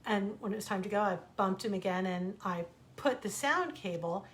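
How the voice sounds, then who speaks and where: Speaking at a moderate pace with lively intonation, this middle-aged American woman tells stories from home in a relaxed, chatty style. She's an author reading online, and her mid-range voice shifts to mimic each person she quotes.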